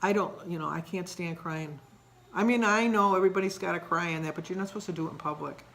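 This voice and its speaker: An older woman vlogger talks casually in a daily vlog, rambling, emotional, self-deprecating, and at times tearful. Her fairly low, slightly bright voice moves fast, with a little hiss or hum in the recording.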